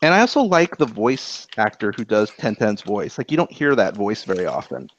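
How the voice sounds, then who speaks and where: A man co-hosting a podcast, chatting casually about anime episodes in an animated, rambling way and swearing freely. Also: on the low side, moderate pace. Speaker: podcast co-host. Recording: dull lo-fi podcast audio.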